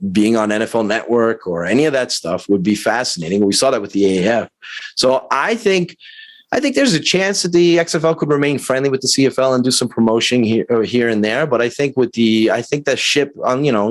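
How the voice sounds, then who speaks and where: A man's voice: fairly low pitch, no room sound. A man, a sports league insider, talking casually on a call, thoughtful and hedging with many fillers. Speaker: guest football league insider.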